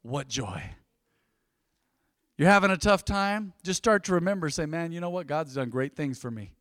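A man's voice: on the high side, a little fast, fairly bright tone, smooth, no echo, clean studio sound. A man in his forties preaching a sermon, telling stories and calling out to the congregation to answer him. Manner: storytelling, calls out to the congregation. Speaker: pastor.

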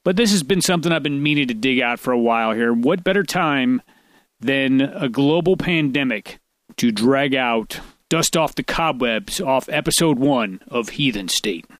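A man's voice: medium pitch, expressive, moderate pace, a bit bright, dry recording. Rambling, stammering podcast host man. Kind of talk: casual podcast chat.

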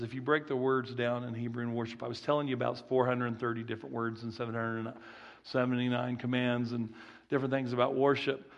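Gravelly Southern country preacher. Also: male voice, medium pitch, lo-fi sound. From rural Texas. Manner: folksy, repeats key phrases, restarts often. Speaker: guest preacher. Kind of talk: sermon.

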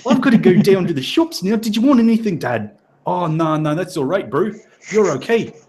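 A man's voice: high-pitched, big pitch swings, darkish tone, voice pushed up. An Australian man mimicking an easygoing male traffic cop with a New Zealand accent, drawling "bro" and letting everyone off. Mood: breezy. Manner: breezy, lenient, drawn-out "bro".

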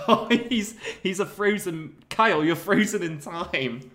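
Over a video call, a podcast co-host tells a funny story with plenty of laughter; his voice is high-pitched, slow, and a bit bright, and the chat is casual and comedic.

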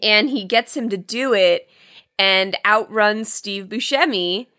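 A young adult woman with a bright, clear tone talks through a movie's story in a loose, conversational way. She acts out the characters' lines as she goes, keeping the retelling animated. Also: mid-range voice, slow. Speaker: podcast co-host. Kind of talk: casual movie recap chat.

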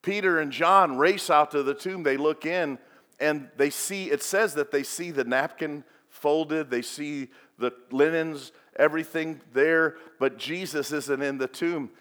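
Man, pastor, sermon, unhurried delivery, booming then hushed, long hall reverb. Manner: animated preaching, swinging from loud to hushed. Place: church sanctuary.

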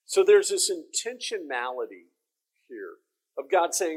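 A middle-aged man with a Texan accent delivers a sermon in a relaxed, folksy, conversational way, often restarting his phrases. His voice sits a little high for a man. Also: measured pace. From Texas. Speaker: teacher.

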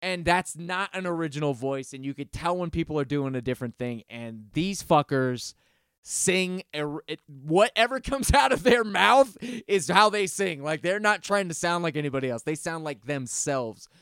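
Smooth-voiced man ranting casually, cursing freely. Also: a little high, moderate pace, no room sound, clean studio sound. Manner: animated, profane, rambling with restarts. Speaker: podcast co-host. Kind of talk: casual music review chat.

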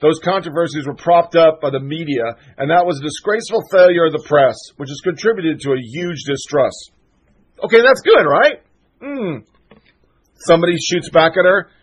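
This is a male show host talking alone on his program, with a noticeably high voice. He rants with heat, swears freely and slips into sarcasm as he riffs. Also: lively intonation, moderate pace, slightly rough, poor audio. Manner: fired-up, profane, sarcastic ranting. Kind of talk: solo political commentary monologue.

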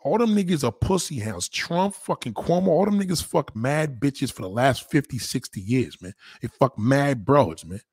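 Profane, animated New man ranting. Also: normal speed, hardly any pauses, breathy edge, no echo, clean studio sound. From New York. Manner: profane, animated, swinging pitch. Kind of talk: casual rant.

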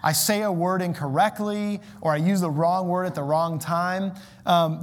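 A man preaching a sermon, conversational and self-deprecating, with animated asides. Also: fairly high pitch. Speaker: pastor. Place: church sanctuary. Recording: long hall reverb.

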